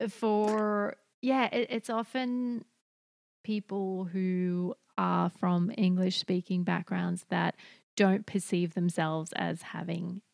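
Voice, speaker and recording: A woman's voice: on the low side, level tone, takes it slowly, creaky, darkish tone, dry recording, studio quality. A woman hosting a casual interview, thoughtful and hesitant, with many fillers. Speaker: podcast host.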